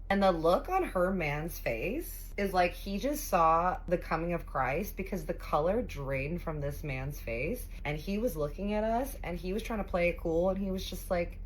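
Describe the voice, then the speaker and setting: A young woman casually retelling a dramatic personal story, chatty and expressive, with the odd swear word. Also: lowish voice, normal speed, hardly any pauses.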